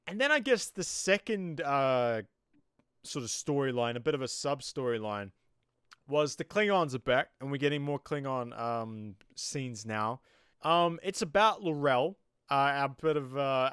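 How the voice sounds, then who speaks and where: A man's voice: medium pitch, fairly bright tone, clear, resonant tone, no echo, studio quality. A man with a New Zealand accent giving a casual, rambling episode review, full of "you know" fillers. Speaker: TV show reviewer.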